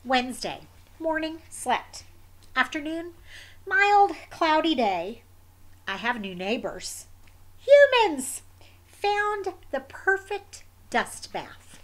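A woman reading a picture book aloud in the voice of a sleepy, stubborn wombat, in terse, deadpan diary entries. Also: sits high, takes it slowly, pitched above the performer's own voice, heavily acted.

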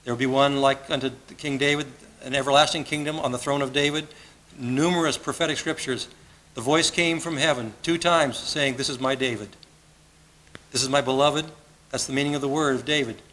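A man's voice: mid-range voice, steady tone, a little fast, fairly bright tone, slight background noise, low-quality recording. A man preaching a sermon as pastor, earnest and conversational, often repeating his phrases. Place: church sanctuary.

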